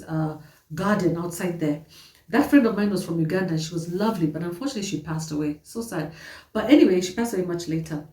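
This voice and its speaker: A woman telling her own life story to her viewers, animated, emphatic and often repeating herself. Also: medium pitch, distant mic. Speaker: vlogger. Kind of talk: personal storytelling to camera. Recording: roomy echo, voice set back from the mic.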